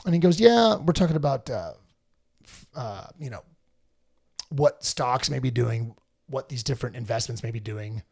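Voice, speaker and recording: Gravelly and slightly rough, a man's mid-range voice moves at normal speed as he co-hosts a podcast's casual spiritual chat. He acts out others' voices while telling animated stories.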